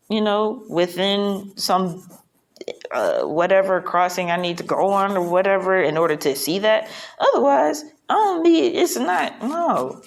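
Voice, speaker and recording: Woman, fairly low voice, casual vlog monologue, rambling, frank, profane. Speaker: vlogger. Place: hotel room.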